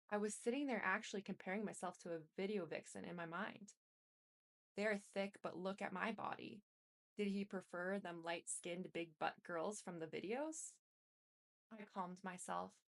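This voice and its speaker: A woman reading a memoir aloud in an even, unhurried way, with small restarts. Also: medium pitch, gravelly. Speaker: reader.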